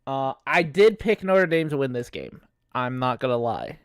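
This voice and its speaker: A man's voice: mid-range voice, animated, normal speed, clear, resonant tone, dry recording, clean studio sound. A man hosting a casual sports podcast, rambling with fillers and swearing, with a cough. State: has a cough. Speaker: podcast host.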